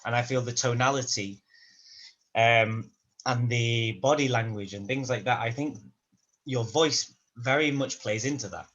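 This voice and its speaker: A man talks over a video call in a casual practice conversation. His pitch sits in the middle of the male range. He rambles thoughtfully and keeps restarting his sentences as he works out his point. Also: fairly even intonation, measured pace, fairly bright tone, muffled recording. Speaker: language student in a conversation class.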